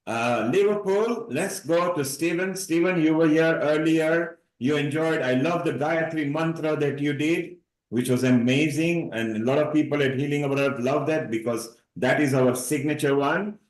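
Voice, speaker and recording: Slightly high-voiced man, cheerful rambling stream host, roomy echo. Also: moderate pace, hardly any pauses. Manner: upbeat, rambling, folksy phrasing. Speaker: host of a live online celebration. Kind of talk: live stream moderation.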